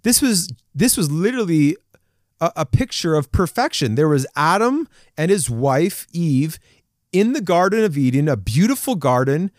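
Brief: lively young male preacher, slightly high voice, dry close sound, acts out stories. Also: normal speed, dry recording. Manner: animated, acts out scripture figures, chuckles. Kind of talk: casual sermon.

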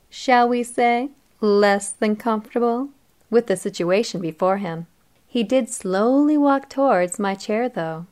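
A woman reading a first-person story aloud in a cheerful, playful and teasing manner. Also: medium pitch. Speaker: narrator.

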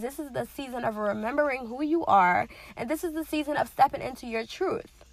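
Earnest woman with gravelly fry. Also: on the high side, fairly bright tone, no echo. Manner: earnest, conversational, frequent fillers and repetition. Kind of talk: casual motivational talk.

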